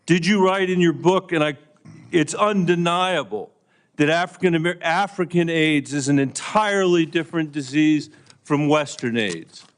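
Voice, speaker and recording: A man's voice: a little high, moderate pace. A man, a senator, questioning a nominee at a hearing in a pointed, insistent yes-or-no manner.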